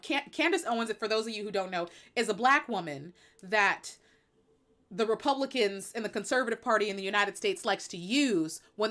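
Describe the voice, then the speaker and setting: A woman hosting a live stream speaks bluntly and emphatically, giving her opinions in a sassy, casual chat. Her voice is mid-range and a bit bright.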